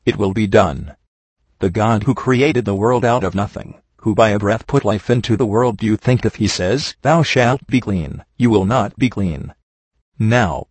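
A man with a somewhat low voice reads a sermon aloud, his tone husky. He keeps a steady, earnest preaching cadence. The sound is dry and close. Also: dry recording. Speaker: reader of a sermon.

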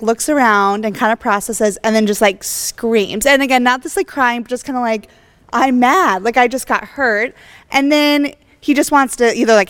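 A woman's voice: on the high side, fairly bright tone, clear, resonant tone, dry recording. A young woman, a mother, asking a rambling question at a forum, filled with "like" and "you know". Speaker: audience member asking a question.

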